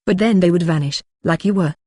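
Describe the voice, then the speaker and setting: Earnest young sorceress, read flat by the audiobook narrator, dry close sound. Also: medium pitch, fairly quick, dry recording, close to an everyday voice. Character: young woman, earnest, gifted spellcaster.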